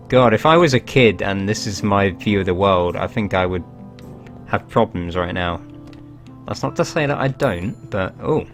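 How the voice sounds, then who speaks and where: Brief: low-voiced guy hosting a let's play, rambling, self-mocking, faint music under him. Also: moderate pace. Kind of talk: casual game commentary.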